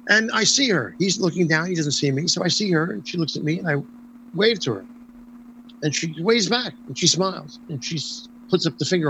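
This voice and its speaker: Older male guest, slightly high voice, animated anecdote full of restarts, faint background hiss. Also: poor audio. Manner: lively storyteller with frequent restarts and ums. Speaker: interview guest, former stage performer. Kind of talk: storytelling anecdote in conversation.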